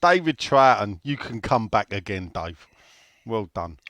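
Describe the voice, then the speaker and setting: Man, football podcast host, lively swinging pitch, dry close sound, blunt and sweary. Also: unhurried, no echo. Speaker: podcast host reading listener questions. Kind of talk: casual football chat.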